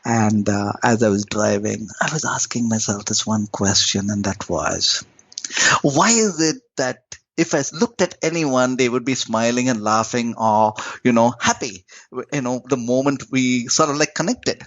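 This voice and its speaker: A man teaching spirituality as a podcast guest, in lyrical, emphatic phrases with big swoops of pitch. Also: unhurried, no room sound. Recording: dull lo-fi audio.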